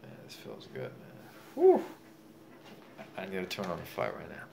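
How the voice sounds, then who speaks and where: A man's voice: deep voice, huge pitch swings, moderate pace, vocal fry, mellow. A young man, boasting and rambling in a profane, drunken monologue. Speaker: self-styled boxing champion vlogger. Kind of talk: casual monologue. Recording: faint background noise.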